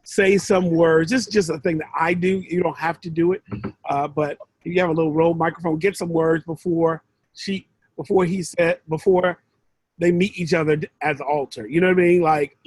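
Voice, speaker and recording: A man's voice: fairly high pitch, steady tone, fairly quick, a little mellow, breathy edge, no echo, low-quality recording. A man mentoring one student in a casual, rambling way over a video call, often restarting his sentences. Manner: rambling, conversational, with frequent restarts.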